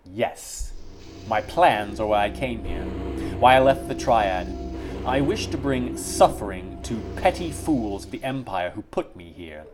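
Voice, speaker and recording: A man reading the lines of a cold, vengeful exiled sorceress in a slow, deliberate, menacing way. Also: lowish voice, animated, music in the background.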